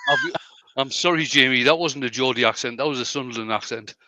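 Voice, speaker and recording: A man's voice: medium pitch, a little fast, bright, forceful tone, no room sound. A man with a Northumbrian accent hosting a casual live stream, explaining his work and joking with friends. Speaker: host, woodturner.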